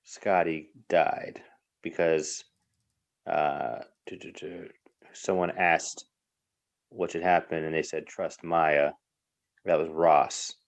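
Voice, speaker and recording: A man's voice: a bass voice, fairly even intonation, takes it slowly, creaky, long pauses. A man playing a social deduction game over a video call, reasoning aloud through the evidence with frequent fillers. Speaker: player. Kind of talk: casual game talk.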